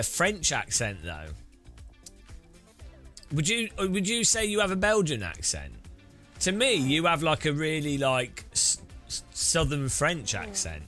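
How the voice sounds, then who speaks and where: A man chatting his way through a sim-racing stream, rambling and joking with a lively pitch and an unhurried pace. Faint music runs underneath. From Britain. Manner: rambling, joking, often laughing. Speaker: streamer host. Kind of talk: casual livestream chat while sim racing.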